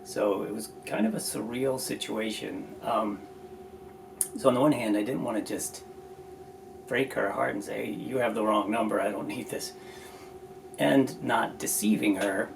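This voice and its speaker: Male playwright guest, low gravelly voice, reflective, recorded off-mic with background noise. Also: unhurried, distant mic. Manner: reflective, thoughtful storyteller. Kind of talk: casual conversation.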